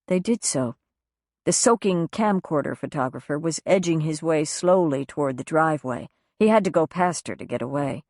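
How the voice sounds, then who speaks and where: A woman reading a novel aloud as an audiobook narrator, acting out the dialogue with raised pitch and force. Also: animated, moderate pace, darkish tone, no echo, studio quality. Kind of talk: scripted narration.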